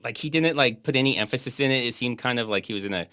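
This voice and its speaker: A man's voice: medium pitch, fast, sharp tone, clean tone, no room sound. A man co-hosting a movie commentary podcast, chatting casually, joking and rambling, often laughing. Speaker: podcast co-host.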